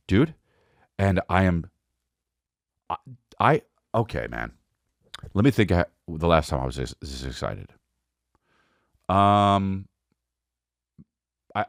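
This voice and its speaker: A man hosting a podcast, telling a rambling, excitable comedic story with frequent swearing and asides. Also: sits low, no echo, clean studio sound. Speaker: podcast host. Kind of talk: casual comedic monologue.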